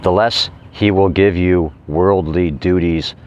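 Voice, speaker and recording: A man reading inspirational quotes aloud and commenting on them casually, repeating key phrases slowly for emphasis. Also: low voice, steady tone, darkish tone, muffled recording, slight background noise. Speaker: vlogger.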